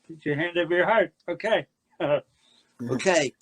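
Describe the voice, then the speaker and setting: A man's voice: high-pitched, animated, slow pace, pauses often. A man hosting a variety show, bringing on acts with chatty, jokey introductions. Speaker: show host.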